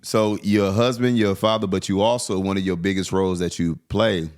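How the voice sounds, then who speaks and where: Middle-aged host guy, really deep voice, folksy and chill, tosses out little sayings. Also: fairly even intonation, fairly quick, a little mellow. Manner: folksy, reflective, drops sayings and asks follow-ups. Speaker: podcast host. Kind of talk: casual interview chat.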